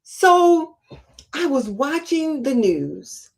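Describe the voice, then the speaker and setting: A woman co-hosting a livestream chat, telling stories in an expressive, emphatic way. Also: on the high side, moderate pace. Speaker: co-host.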